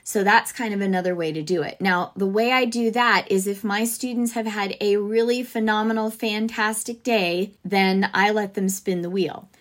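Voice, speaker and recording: A woman's voice: medium pitch, steady tone, moderate pace, hardly any pauses. A woman hosting a podcast for music teachers, giving advice in a chatty, upbeat way with lots of asides.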